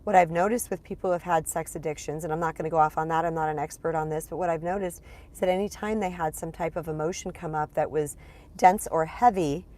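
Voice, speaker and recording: A woman's voice: sits low, fairly even intonation, quick pace, a little mellow, a little hiss or hum. A woman life coach talking casually to a live audience, a little congested, often repeating words and calling them "you guys.". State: congested, clearing throat. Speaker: spiritual empowerment coach. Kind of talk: casual live-stream talk to viewers.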